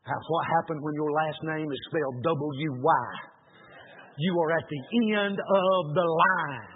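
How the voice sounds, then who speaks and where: A man with a drawl delivers a homespun, storytelling sermon. His voice sits high for a man. The sound is narrow and tinny, like it came through a telephone. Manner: folksy, colloquial storyteller. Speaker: preacher.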